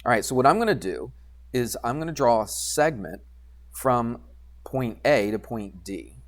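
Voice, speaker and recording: A man's voice: mid-range voice, big pitch swings, unhurried. Chatty man teaching geometry. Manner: chatty, self-deprecating, asks the class questions. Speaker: math teacher. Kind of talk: classroom lecture at a computer.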